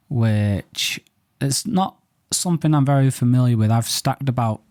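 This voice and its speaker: A man's voice: fairly low pitch, mellow, dry recording, studio quality. A man hosting a photo reaction show, chatting casually and thinking aloud with playful banter. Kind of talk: casual commentary on viewer photos.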